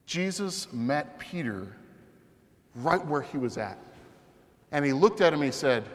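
A man's voice: on the high side, sing-song, a little slow, long pauses, in a large hall. A young man preaching a sermon in a conversational way, often asking the listeners questions.

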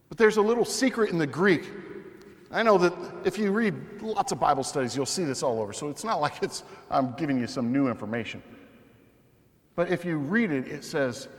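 A man's voice: a little high, animated, normal speed, long pauses, in a large hall. A young man preaching a sermon in a conversational way, often asking the listeners questions.

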